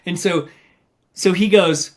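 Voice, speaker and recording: A man's voice: high voice, slow. A middle-aged man, an ultramarathon runner and coach, telling stories in a podcast interview and acting out what people said. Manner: animated storyteller, acts out quotes.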